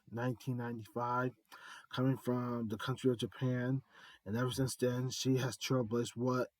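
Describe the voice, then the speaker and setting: An art vlogger with a medium-pitched voice, recorded dry, gives a rambling fan monologue as an earnest, heartfelt tribute. He repeats himself and builds up reveals like an announcer.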